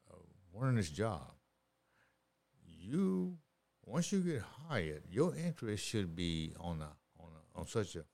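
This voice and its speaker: A man's voice: on the low side, vocal fry, a little mellow. A middle-aged man giving life advice in a casual podcast chat, repeating and restarting his words as he preaches. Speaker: podcast guest.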